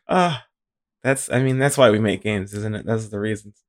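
A man's voice: fairly low pitch, huge pitch swings, measured pace. A man hosting a casual podcast chat, hesitant and laughing as he stumbles through his questions.

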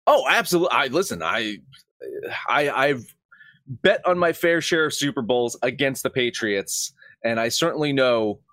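A man co-hosting a casual sports betting podcast, animated and profane, rambling with restarts. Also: medium pitch, moderate pace, no room sound, studio quality. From Irish heritage. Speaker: podcast co-host.

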